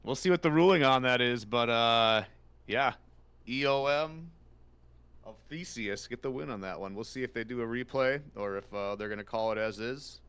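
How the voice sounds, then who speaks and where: A male co-caster with a bright, forward tone at a middle pitch. He chimes in with laid-back, brief remarks during a live esports match. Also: normal speed, clean tone. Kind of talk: live color commentary.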